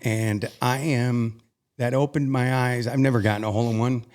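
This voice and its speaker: Young adult man, earnest, halting storytelling, mid-pitched voice. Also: steady tone, a little mellow. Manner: earnest, halting, emotional retelling. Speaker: interview guest. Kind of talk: personal storytelling.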